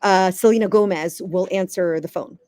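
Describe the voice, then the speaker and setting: A woman from the US East Coast, a communication coach giving advice as an interview guest in a lively, emphatic way, sometimes stammering as she restarts. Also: lowish voice, moderate pace, clean tone, no echo. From United States East Coast.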